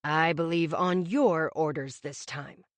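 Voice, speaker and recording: A woman reading an audiobook voices a reserved older male CEO father, speaking slowly in measured, clipped phrases. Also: deep voice, dry recording, voice pushed down. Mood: dry.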